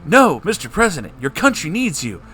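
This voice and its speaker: A man voicing an earnest, excitable adult man in a comedic story reading, talking loud and eager. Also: fairly high pitch, fairly quick, slight background noise, voice pushed up.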